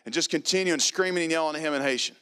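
A man's voice: fairly high pitch, rapid-fire, sharp tone, clean tone. A man preaching, telling a personal testimony emphatically, with lots of repetition. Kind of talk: sermon testimony.

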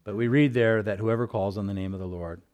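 Pastor pria yang bercerita dengan santai. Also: male voice, fairly low pitch, fast, lo-fi sound. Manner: conversational storytelling with bursts of loud exclaiming. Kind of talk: sermon.

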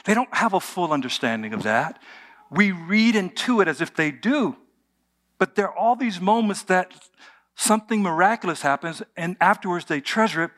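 A man's voice: sits high, a bit bright. A man preaching a conversational sermon, telling the story with humor and asking the audience rhetorical questions. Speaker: pastor.

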